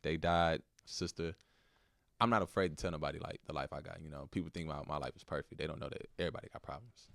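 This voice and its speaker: A young man from Texas with a Texan accent, a podcast guest telling a painful personal story in a soft, halting, slangy way. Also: a bass voice, creaky, no room sound. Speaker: podcast guest, basketball player.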